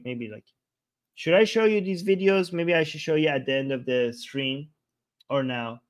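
A man's voice: fairly high pitch, normal speed. A man hosting a livestream, reacting heatedly to a clip, trading insults and rambling while he screen-shares videos. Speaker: livestream host.

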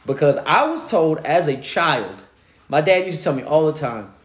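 A man co-hosting a casual chat, telling animated stories with acted-out quotes and frequent laughs. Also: a little high, moderate pace. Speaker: podcast co-host. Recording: echoey room.

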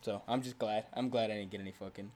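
A young man from Texas, co-hosting a podcast, telling stories in an animated way, swearing freely and laughing often. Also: lowish voice, fast, a little hiss or hum. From Texas, USA. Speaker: podcast co-host. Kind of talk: casual chat.

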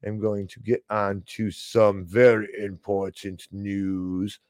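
A man's voice: lowish voice, level tone, slow, darkish tone, no echo. A man hosting a podcast, talking in a sarcastic, rambling way. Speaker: podcast host. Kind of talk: casual commentary.

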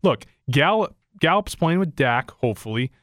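Halting man co-hosting a podcast. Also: a little high, lively intonation, a bit bright, no echo, studio quality. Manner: halting, restarts mid-thought. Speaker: podcast co-host. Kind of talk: casual sports podcast chat.

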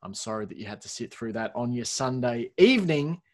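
A man's voice: medium pitch, animated, fairly quick. A man hosting a casual sports podcast, reading out scores with wry asides. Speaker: podcast host.

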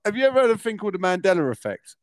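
Young southern English man, podcast co-host, sweary and teasing, bouncy high-ish delivery. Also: big pitch swings, rapid-fire, no echo, clean studio sound. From Kent, England. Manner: swears often, laughs a lot, teasing. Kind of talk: casual banter.

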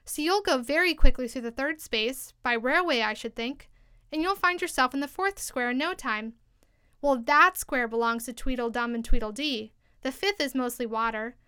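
Bossy queen, played by a woman reader, brisk and commanding, smooth tone, dry sound. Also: high voice, pushed and bright, dry recording. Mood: instructing.

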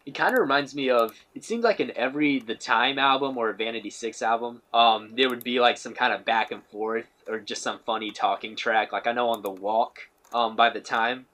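A man's voice: medium pitch, moderate pace, hardly any pauses, sharp tone. A man as a guest on a music podcast, telling loose, enthusiastic stories with easy fillers. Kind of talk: casual music discussion.

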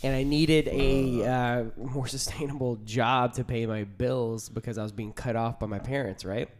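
A man's voice: mid-range voice, steady tone, moderate pace. Joking, rambling male podcast guest. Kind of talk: casual podcast chat.

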